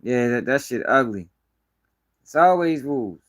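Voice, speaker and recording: A man's voice: mid-range voice, expressive, measured pace. A man from Baltimore giving blunt, profane street news commentary on a casual live stream. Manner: blunt, profane, emphatic ranting.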